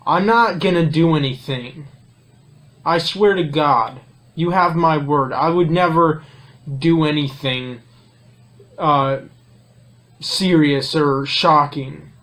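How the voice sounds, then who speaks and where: A man's voice: on the high side, a bit bright. A man in an emotional confession, hesitant and self-critical, sighing between words. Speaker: guest.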